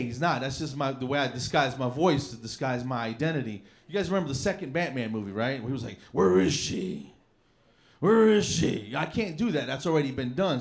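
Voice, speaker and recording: A man doing a rambling, self-mocking stand-up set on a comedy club stage with a handheld mic. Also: mid-range voice. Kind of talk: stand-up routine.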